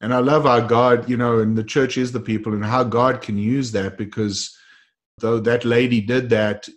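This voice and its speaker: A man's voice: mid-range voice, steady tone, normal speed. A man hosting a faith-based interview and encouraging listeners in a preacher-like way. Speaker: host.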